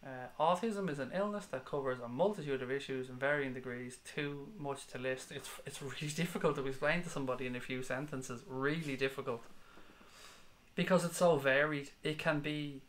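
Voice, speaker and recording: A man's voice: medium pitch, fairly bright tone. A man who hosts a football fan channel and chats bluntly while reading out viewers' comments on a live stream. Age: 30s. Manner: blunt, sweary, passionate. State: has a headache.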